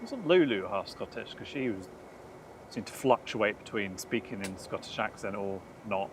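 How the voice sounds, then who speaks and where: A man's voice: on the low side, lively intonation, normal speed. A man co-hosting a live plane spotting stream, announcing arrivals and trading laughing, teasing banter with his partner. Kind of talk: casual commentary. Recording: distant mic, faint noise.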